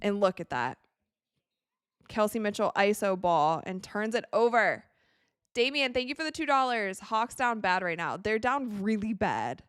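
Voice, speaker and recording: Woman, live-stream host, casual watch-party commentary, chatty, animated pitch, dry close sound. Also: a little slow, smooth, dry recording. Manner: chatty, reads out viewer comments, laughs often. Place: home streaming set with cats.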